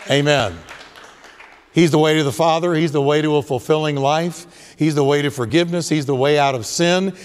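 Male pastor, high voice, hammers points by repetition, long church reverb. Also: normal speed, some chatter behind. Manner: emphatic, repetitive preaching. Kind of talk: sermon.

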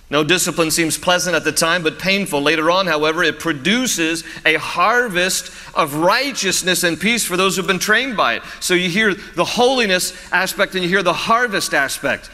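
Bright-voiced male preacher in a reverberant hall. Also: high-pitched. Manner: storytelling with humor, chuckles. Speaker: pastor. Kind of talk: sermon.

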